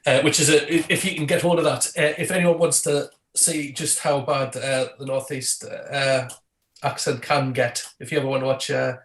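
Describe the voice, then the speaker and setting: A man's voice: medium pitch, little pitch movement, normal speed, a bit bright. A man with a Geordie accent, a guest comedian chatting casually, rambling and laughing between phrases. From Newcastle, England. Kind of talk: casual chat.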